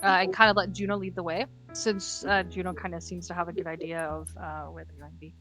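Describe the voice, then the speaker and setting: A woman's voice: fairly low pitch, fairly even intonation, fast, a bit bright, soft background music. A woman playing in a tabletop game, talking casually and playfully. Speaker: player.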